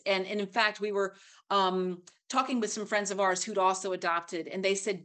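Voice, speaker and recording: A woman's voice: mid-range voice, fairly even intonation, moderate pace, fairly bright tone. Earnest storytelling woman guest. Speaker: guest actress. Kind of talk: casual interview talk.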